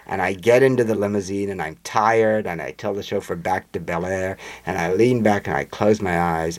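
Being interviewed, a man spins long anecdotes conversationally, animatedly acting out the voices of the people he describes. His voice is low-pitched, and he talks at a normal speed with few pauses.

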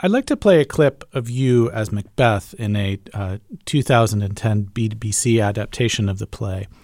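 A male interviewer asks long, hesitant questions, often pausing on ums. His voice sits a bit low. The sound is dry and close, with no room echo. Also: darkish tone. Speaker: radio interviewer.

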